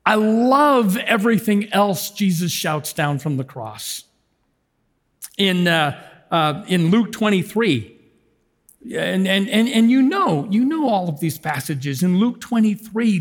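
A man giving a sermon as a lay preacher, animated and swinging between shouts and hushed tones. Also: high voice, in a large hall.

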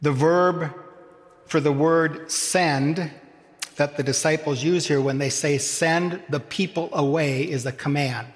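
A man preaching a sermon as pastor, slow and deliberate with dramatic pauses, addressing his congregation. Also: a little high, fairly even intonation. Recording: long hall reverb.

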